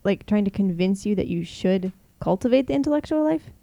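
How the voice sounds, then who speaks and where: A woman's voice: mid-range voice, lively intonation, brisk, dark tone, no echo. A woman co-hosting a casual chat, asking curious questions. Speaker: podcast co-host asking questions.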